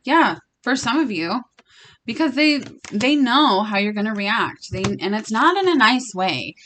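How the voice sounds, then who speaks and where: A woman's voice: fairly high pitch, very animated, unhurried, a bit bright, slight background noise. A young woman giving a casual spiritual card reading to her viewers. She talks bluntly and emphatically, swearing freely as she speaks straight to the listener. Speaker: tarot reader.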